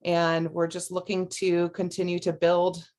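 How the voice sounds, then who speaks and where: A woman's voice: lowish voice, monotone, measured pace, darkish tone. A woman who is an assistant swim coach, introducing herself on a video call panel and using plenty of fillers.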